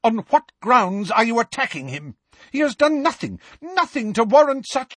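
A man voicing a stern older woman teacher who demands and rebukes in a commanding, indignant way in a storybook reading, with a husky voice. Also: very high voice, big pitch swings, moderate pace, a bit bright, no room sound, voice pushed up, exaggerated voice.

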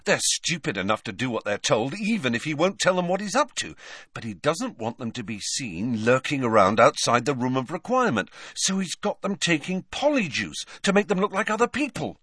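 A man reading aloud, voicing an eager, impulsive teenage boy wizard who talks excitedly. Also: medium pitch, breathy edge, no room sound, clean studio sound, pitched above the performer's own voice. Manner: excited, quick to leap at ideas.

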